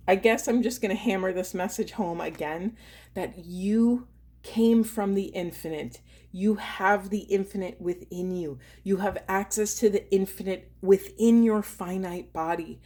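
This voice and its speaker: A woman, a spiritual coach, doing an intuitive card reading in an earnest, slow and emphatic way, pausing to feel for her words. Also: medium pitch, warm tone.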